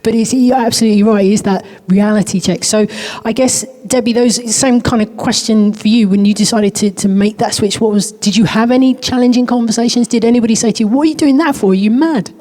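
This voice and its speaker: A woman hosts a panel discussion in a warm, mellow voice. She chats through her own anecdotes before putting open questions to her guests. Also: on the high side, fairly even intonation, quick pace, hardly any pauses. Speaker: panel host, broadcaster. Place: conference hall.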